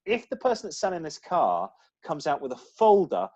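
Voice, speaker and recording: A man chatting on a podcast. His pitch swings up and down as he talks. He rambles and restarts his sentences as he thinks out loud. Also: wildly swooping pitch, brisk, highs cut off. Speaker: podcast co-host. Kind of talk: casual chat.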